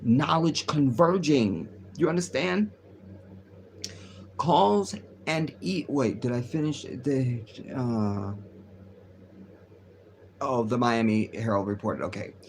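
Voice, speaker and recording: A man's voice: mid-range voice, takes it slowly, gravelly, pauses often, slight background noise. A man hosting a casual livestream, reading news aloud and riffing on it in a rambling, profane way. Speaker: livestream host.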